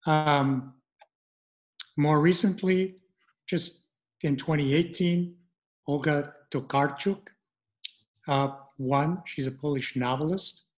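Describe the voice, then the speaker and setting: A middle-aged man presenting an online language lesson, speaking haltingly with many fillers and restarts. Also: on the high side.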